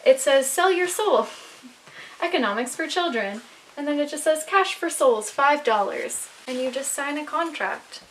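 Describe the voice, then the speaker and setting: A young adult woman showing off her recent purchases in a casual vlog at home, chatty and excitable, a little out of breath. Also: high voice, normal speed, slight background noise. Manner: chatty, excitable, rambling with fillers. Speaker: vlogger. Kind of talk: casual show-and-tell haul video. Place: home, indoors.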